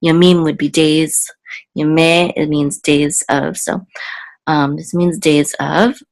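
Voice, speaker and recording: A woman teaching Hebrew reading word by word in a patient, halting way, thinking aloud with frequent ums and self-corrections. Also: low-pitched, low-quality recording.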